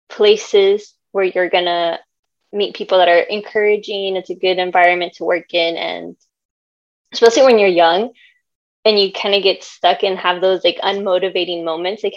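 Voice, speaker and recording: A woman's voice: lowish voice, muffled recording. A young woman author talking earnestly about her writing in a casual interview, with many "like" fillers. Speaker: author guest.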